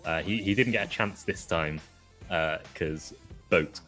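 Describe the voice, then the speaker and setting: A man playing a tabletop game on a stream, talking haltingly with amused restarts. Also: low-pitched, fairly bright tone, faint music behind. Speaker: player. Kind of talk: casual chat at a game table.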